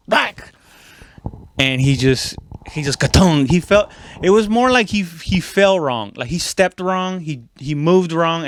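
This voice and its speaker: A man's voice: on the high side, a bit bright, smooth, no echo. A young man telling a comedy story from his army days, casually and profanely, with many restarts, fillers and sound effects.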